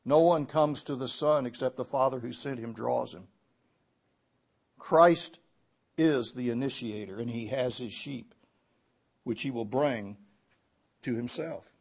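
A man preaching an expository sermon, teaching verse by verse and moving between loud emphatic runs and hushed low phrases. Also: unhurried, creaky, pauses often, husky. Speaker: pastor.

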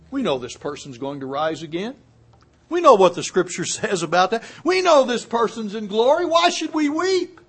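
A man preaching a sermon in a fairly high voice. He drops to hushed, almost murmured lines, then climbs to loud, emphatic peaks. He slows right down to press on the words he wants heard.

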